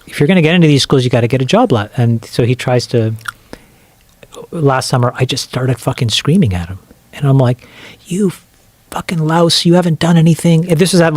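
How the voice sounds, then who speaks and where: A middle-aged man, a podcast guest, telling long stories in a lively, profane way and acting out the quoted lines. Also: mid-range voice, brisk, no room sound. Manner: animated, profane storyteller who acts out quoted lines. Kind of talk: casual storytelling.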